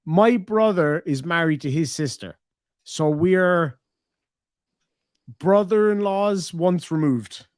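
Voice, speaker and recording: A man's voice: high voice, slow pace, pauses often, no room sound, studio quality. An Irish man chatting on a livestream, swearing often and teasing in casual banter. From Ireland. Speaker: streamer.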